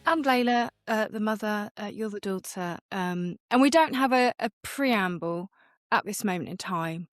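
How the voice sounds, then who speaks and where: A woman's voice: mid-range voice, moderate pace, no room sound, studio quality. A middle-aged woman co-hosting a podcast as the mother, chatting casually and laughing at herself. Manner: chatty, self-mocking, laughs often. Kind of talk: casual chat.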